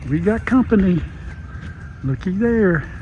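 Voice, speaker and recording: A folksy older man chats his way through a farm vlog, his voice sitting a little high for a man, sweet-talking dogs as he goes. He wears a lapel mic, and a faint hiss runs underneath. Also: lively intonation, slow, dark tone. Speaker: farm vlogger.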